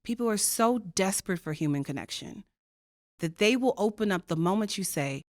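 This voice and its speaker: A woman's voice: mid-range voice, lively intonation, normal speed, no echo, studio quality. A woman speaking as a podcast guest, telling stories earnestly and emphatically, with rhetorical questions. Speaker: diversity co-chair and faculty guest. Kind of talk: reflective conversational storytelling.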